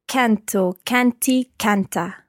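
A woman's voice: on the high side, slow, no room sound, clean studio sound. A woman practising in a language lesson, careful and tentative as she repeats after the teacher. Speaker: learner.

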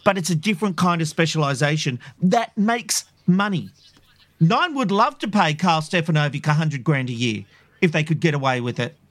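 A man's voice: fairly high pitch, expressive, moderate pace, dry recording. Assertive man, dry close sound. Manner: assertive, steers the conversation. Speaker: podcast co-host. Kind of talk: casual podcast chat.

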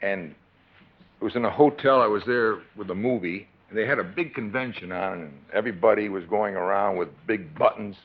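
A middle-aged man, a film star, being interviewed on stage and telling lively anecdotes in which he acts out the other people. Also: on the low side, brisk, breathy edge. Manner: animated storyteller who acts out the people in his stories. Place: film theatre stage before an audience. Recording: dull archive recording with faint hiss.

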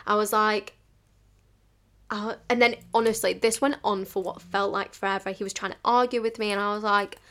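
A woman's voice: mid-range voice, steady tone, moderate pace, fairly bright tone. A woman, hosting a podcast in casual storytelling style, full of "like" fillers and acting out the people in her stories. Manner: chatty, fillers like "like", acts out quoted dialogue. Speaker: podcast host.

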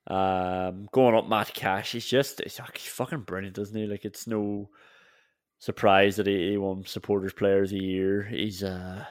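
A man's voice: fairly low pitch, little pitch movement, measured pace, smooth, dry recording, clean studio sound. A man co-hosting a football podcast, chatting casually with laughs and restarts. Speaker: podcast co-host.

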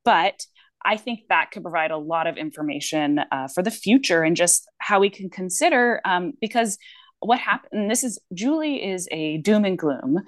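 Co-hosting a casual podcast, this woman speaks as a working speech-language pathologist in a lowish voice at normal speed. She's animated but rambling, restarting thoughts with lots of fillers, and the audio is dry and close with no room sound at all.

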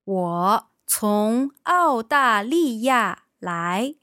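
Native mandarin lady co-host, super slow and smooth, careful speech. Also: on the high side, expressive, pushed and bright, dry recording, clean studio sound. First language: Mandarin Chinese. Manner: very slow, careful model pronunciation. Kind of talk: podcast language lesson.

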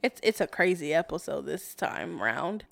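Lady podcast host, lively swingy voice, teasing her sibling and cussing a lot. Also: sits low, moderate pace, creaky. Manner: teasing, swearing, laughing. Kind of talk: casual chat.

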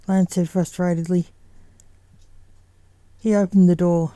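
Woman reading a story, very dark mellow voice, dry close sound. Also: fairly low pitch, fairly even intonation, moderate pace, long pauses, clear, resonant tone, no room sound.

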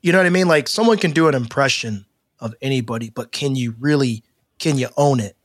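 A man co-hosting a podcast in casual chat, animated and rambling, with frequent laughs. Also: mid-range voice, brisk, dry recording, studio quality. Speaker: podcast co-host.

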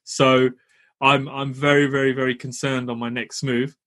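A young man telling a long story about his rented house, animated, laughing as he talks and swearing now and then. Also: medium pitch, normal speed. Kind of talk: casual storytelling.

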